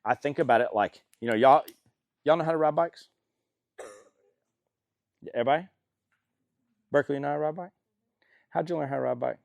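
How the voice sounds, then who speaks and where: A man's voice: a little high, a little fast, creaky, long pauses, a little mellow, no room sound. Folksy man teaching a Bible study. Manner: conversational, asks the group questions, folksy. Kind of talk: casual teaching talk.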